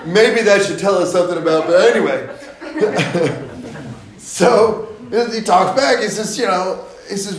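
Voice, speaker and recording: A man's voice: on the high side, lively intonation, moderate pace, reverberant, rough recording. A man teaching a Bible study, retelling scripture stories casually and acting out the characters with playful asides.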